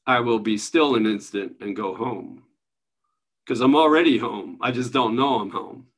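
A man leading a study group over a video call, easygoing and chatty, with a voice of middling pitch that is neither high nor low. He laughs lightly between remarks and keeps a loose, friendly teaching tone. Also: moderate pace, slightly rough. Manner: relaxed, chuckling, conversational. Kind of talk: casual spiritual teaching.

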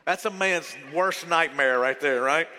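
A man preaching a sermon to his church, conversational and animated as he tells stories. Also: a little high, a little slow, soft background music. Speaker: pastor. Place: church auditorium. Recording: reverberant hall.

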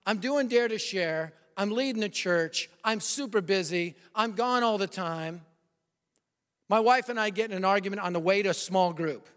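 A man in his fifties preaching a sermon and telling a personal story, animated, swinging between loud bursts and hushed confessional lines. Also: high voice, normal speed, clear, resonant tone. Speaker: pastor. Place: large church hall. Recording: long hall reverb.

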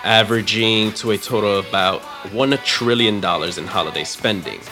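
A man's voice: on the low side, normal speed. A man co-hosting a casual podcast, reading fun facts aloud and correcting his own small slips. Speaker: podcast co-host. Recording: music playing in the background.

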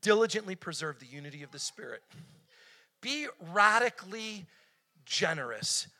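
A middle-aged man preaching a sermon as a guest speaker, energetic and animated, acting out quotes with sudden jumps in pitch. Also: normal speed.

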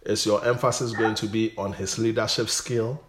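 A man's voice: lowish voice, fairly even intonation, normal speed, a bit bright, roomy sound, slight background noise. A male pastor giving a Bible study teaching, repeating words and building to emphatic bursts.

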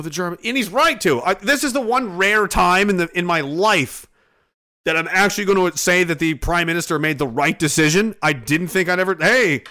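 A man's voice: sits high, sharp tone. A Canadian man on a live stream, ranting angrily about politics in a profane, heated way. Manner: profane, heated, mocking voices of others. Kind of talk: angry political rant.

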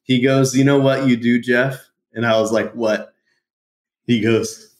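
A man being interviewed about his business, telling lively stories, acting out quotes and laughing often. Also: mid-range voice, a little slow. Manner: animated storyteller, laughs often, acts out quotes. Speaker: podcast guest, entrepreneur. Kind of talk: casual interview storytelling. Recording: roomy echo.

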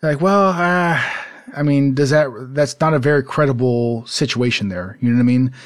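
At normal speed and medium pitch, this podcast co-host chats informally from home in a desert city. He tends to ramble, laughs without much prompting, and peppers his speech with fillers and restarts.

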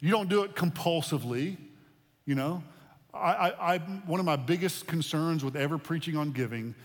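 A man's voice: a little high, normal speed. Man preaching in a reverberant hall. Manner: conversational preaching with repetitions and restarts. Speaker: pastor. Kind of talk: sermon. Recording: long reverb of a large hall.

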